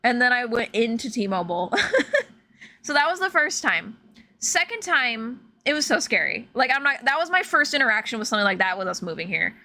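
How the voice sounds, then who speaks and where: A young woman from Illinois, a streamer telling stories in casual, animated chat full of fillers while she plays a game. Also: fairly high pitch, a little fast. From Illinois, USA. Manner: animated, chatty, filler-heavy, laughs often. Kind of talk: casual storytelling while gaming.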